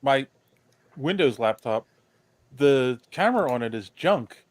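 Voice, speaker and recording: A man's voice: mid-range voice, expressive, a little slow, no echo. A man co-hosting a podcast, chatting casually about his setup with many fillers. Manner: rambling, filler-heavy. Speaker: podcast co-host. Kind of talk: casual chat. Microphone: built-in laptop camera mic.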